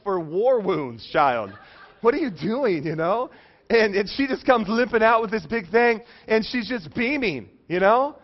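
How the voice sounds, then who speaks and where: A man's voice: sits high, dull audio. A man in his thirties preaching a sermon in a conversational, joking way, often checking in with his listeners. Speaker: pastor.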